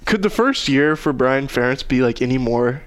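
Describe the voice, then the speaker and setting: Young guy joking around on a sports podcast, smooth voice, lots of likes and uhs. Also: medium pitch, expressive, moderate pace. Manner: joking, rambling with many fillers. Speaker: podcast co-host. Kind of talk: casual sports chat.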